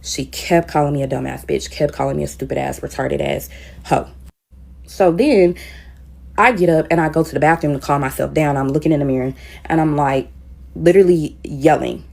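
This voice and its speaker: Low-pitched, creaky, and a little fast, this teacher recounts a story in a casual, candid way, swearing openly. Her volume and heat build as she tells it.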